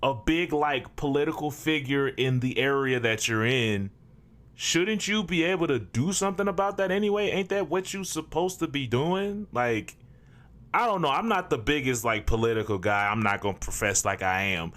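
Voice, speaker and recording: A man's voice: medium pitch, expressive, normal speed, a bit bright. A man giving casual reaction commentary in a laid-back, questioning way. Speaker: reaction video host.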